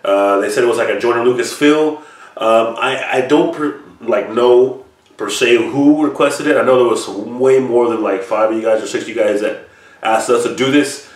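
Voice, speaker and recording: A man's voice: mid-range voice, moderate pace. A man hosting a reaction channel, talking casually with a lot of swearing and rambling asides, alone in a room. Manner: profane, rambling, upbeat. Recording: roomy echo, mic at a distance.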